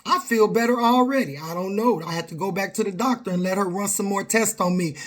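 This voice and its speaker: A woman's voice: mid-range voice, animated, brisk, hardly any pauses. A middle-aged woman talks straight to camera. She is confrontational and emphatic. She hammers her points with repeated phrases. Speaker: vlogger. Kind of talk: direct-to-camera rant.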